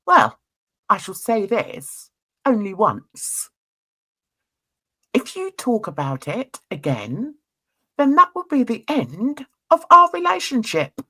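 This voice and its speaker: A woman's voice: medium pitch, animated, takes it slowly, a bit bright. A woman mimicking a pompous young husband who scolds his wife in a prissy, huffy way. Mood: menacing.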